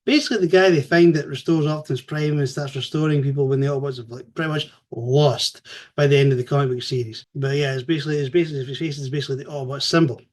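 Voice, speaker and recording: A man giving a casual spoken review, animated and chatty, swearing freely as he retells the story. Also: medium pitch, fast talker.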